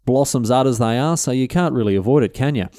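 A man's voice: medium pitch, fast, mellow, no room sound, clean studio sound, close to an everyday voice. A man voicing a coarse, put-upon milkmaid woman, swearing casually and exasperated.

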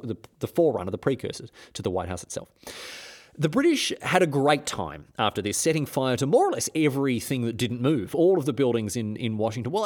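Male history podcast host, irreverent, jokey, mid pitch. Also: a little mellow. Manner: irreverent, joking, many restarts and chuckles. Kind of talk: casual history storytelling.

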